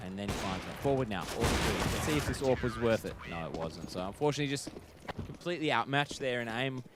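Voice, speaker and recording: A man's voice: mid-range voice, lively intonation. A man commentating a live esports match, joking and teasing his co-caster. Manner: joking, self-mocking, quick asides. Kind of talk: live game commentary, banter. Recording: noisy game sounds behind.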